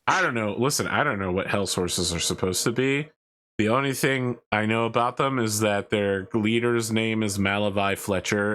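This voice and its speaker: A man hosting a game stream, telling profane stories with lively banter. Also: fairly low pitch. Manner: animated, profane storytelling, laughing often. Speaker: host.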